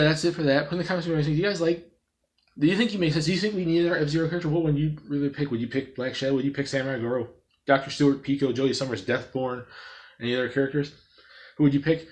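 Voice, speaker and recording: Excitable rambling man pitching game ideas. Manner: rambling and excitable, many fillers and restarts; bursts into loud playful sound effects. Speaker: gaming video creator. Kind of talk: unscripted gaming commentary.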